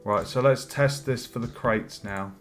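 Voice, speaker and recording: A man narrates his game development work as he streams it, thinking aloud and pausing often to chat with the viewers. His voice sits at a middling pitch. Faint music and typing on a keyboard play behind him. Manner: thinking aloud, hesitant fillers, chatty with viewers. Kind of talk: casual live-stream commentary while working.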